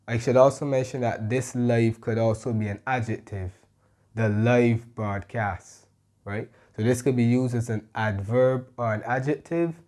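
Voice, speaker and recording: A man's voice: mid-range voice, dark tone. A man teaching an English grammar lesson, explaining patiently and often checking in with "right?". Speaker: English tutor.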